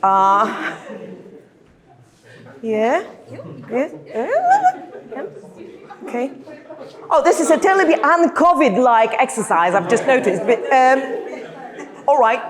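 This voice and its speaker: A woman's voice: high-pitched, wildly swooping pitch, slow pace, pauses often, crowd noise. A Polish-accented woman, a lecturer leading a workshop, speaking hesitantly with many fillers and restarts in a large hall. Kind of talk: workshop instruction. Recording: long hall reverb.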